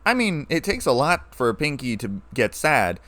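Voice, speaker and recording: A man's voice: medium pitch, very animated, normal speed, a bit bright, no room sound. A man reading a story aloud, voicing a bold, teasing tomboy pegasus mare. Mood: brash.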